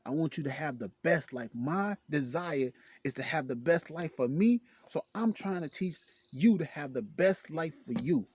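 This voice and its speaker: A man's voice: on the high side, expressive, normal speed, few pauses, a little mellow, husky. A man giving an earnest, emphatic self-help talk, repeating phrases for emphasis. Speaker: motivational speaker. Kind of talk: self-help video monologue.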